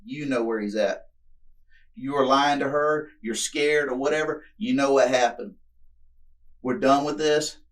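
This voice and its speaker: A man's voice: medium pitch, measured pace, pauses often. A man, a police officer, stern and blunt, accusing a suspect and ending an interrogation room meeting. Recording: distant surveillance camera.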